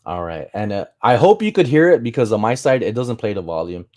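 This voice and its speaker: Guy with a lowish voice doing a chill livestream, rambles through stories and reads chat. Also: sing-song, brisk, darkish tone. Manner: rambling anecdotes, acts out quoted exchanges; reads and answers viewer chat. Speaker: livestream host.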